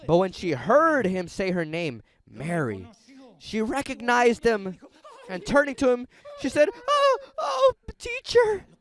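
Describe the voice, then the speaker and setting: Lively high-voiced male preacher. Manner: animated storytelling sermon with acted-out quotes; emphatic and conversational with the audience. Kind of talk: sermon.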